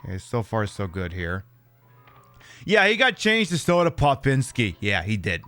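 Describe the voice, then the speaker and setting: A man talking casually through a game stream. His voice is bright and swings widely in pitch as he rambles and riffs with his chat, over faint background music. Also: huge pitch swings, normal speed. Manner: rambling and chatty, with many fillers and repeats, reacting to chat. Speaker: streamer playing a horror game. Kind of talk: casual livestream commentary.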